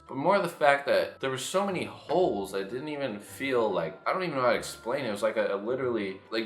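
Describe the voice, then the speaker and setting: Animated young man telling a story. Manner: animated, profane, jumps into loud high-pitched impressions. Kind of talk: casual storytime vlog. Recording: echoey room with faint music.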